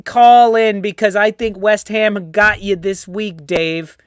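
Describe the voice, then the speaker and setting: Loud, teasing American male show host. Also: high-pitched, steady tone, takes it slowly, smooth, no room sound, studio quality. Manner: loud, swearing, teasing, greets viewers by name. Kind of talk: casual fan show chat.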